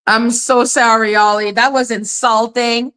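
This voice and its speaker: Animated laughing woman streamer. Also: on the high side, unhurried, clean tone. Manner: animated, laughing, frequent profanity. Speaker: livestream host. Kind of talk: casual livestream chat reading comments.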